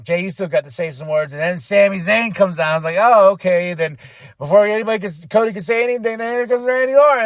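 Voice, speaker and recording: A man hosting a podcast, recapping a wrestling show in casual chat, exasperated and playing out people's reactions. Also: no room sound. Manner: animated, exasperated, mimics people with his voice jumping up high. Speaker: podcast host.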